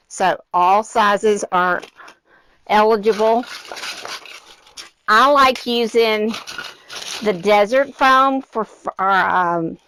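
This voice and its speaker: A woman's voice: medium pitch, a bit bright, a little hiss or hum. A middle-aged woman hosting a live craft demonstration, chatting directly to her viewers and slightly out of breath. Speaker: craft tutorial host.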